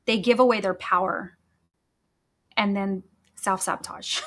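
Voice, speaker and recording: A woman hosts a motivational podcast solo, speaking energetically and emphatically and repeating her key phrases. Her medium-pitched voice is steady, unhurried and fairly bright.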